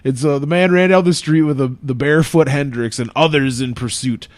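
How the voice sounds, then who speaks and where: A man's voice: a little high, fairly quick. A man hosting a casual podcast chat, laughing often and swearing freely. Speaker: podcast host.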